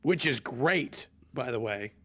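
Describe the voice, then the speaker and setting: Male co-streamer, mid-pitched, casual, cutting in with wry side comments. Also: animated, slow, fairly bright tone. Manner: joking interjections from the side. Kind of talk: casual chat.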